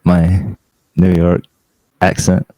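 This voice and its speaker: A male podcast co-host with a very low, dark voice, speaking slowly. He gives short, deadpan answers and laughs easily. The sound is dry and close. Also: dry recording, rough recording. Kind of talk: casual comedic chat.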